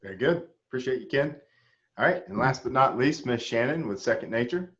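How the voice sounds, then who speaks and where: A man moderating a panel, handing over to speakers in a brisk, friendly way. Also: medium pitch, animated, a bit bright. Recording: dull lo-fi call audio.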